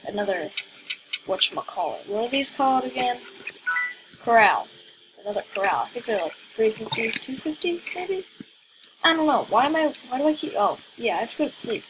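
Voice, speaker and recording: A woman's voice: fairly high pitch, lively intonation, brisk, noisy background. A woman giving casual let's-play commentary, rambling and questioning herself aloud as she plays. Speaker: gaming video creator.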